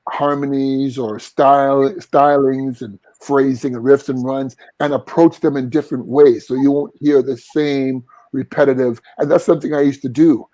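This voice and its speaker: Male singer-guest, earnest and reflective, mellow tone, dry studio. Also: medium pitch, no room sound, low-quality recording. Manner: earnest, reflective, sings short vocal examples. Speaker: singer and vocal coach, guest. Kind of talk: casual interview talk.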